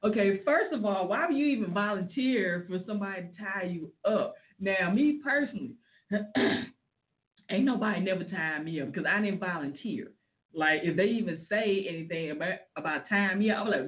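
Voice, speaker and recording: A woman's voice: mid-range voice, expressive, normal speed. A woman giving casual celebrity gossip commentary, chatty and opinionated with frank asides. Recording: tinny phone-like audio.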